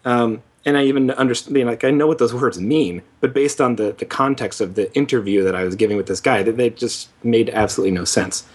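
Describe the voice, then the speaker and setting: A man's voice: mid-range voice, a little fast, hardly any pauses, slightly rough. A man co-hosting a casual gaming podcast, rambling through his opinions and teasing his co-host.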